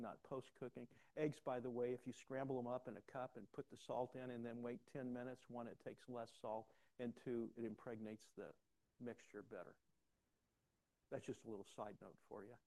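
A man's voice: mid-range voice, dark tone. An older man preaching a conversational sermon in a folksy, rambling way, often repeating words as he starts a thought.

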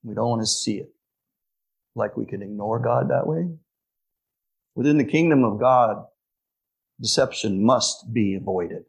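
Husky male preacher giving a sermon. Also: medium pitch. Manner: emphatic, slows down for key phrases. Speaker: pastor.

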